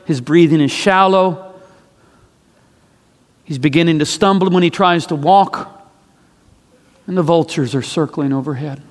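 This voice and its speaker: A man delivers a sermon as dramatic storytelling, leaning on repeated phrases for emphasis. His voice sits high for a man and moves slowly. A long reverb from a large hall hangs on every line. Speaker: preacher.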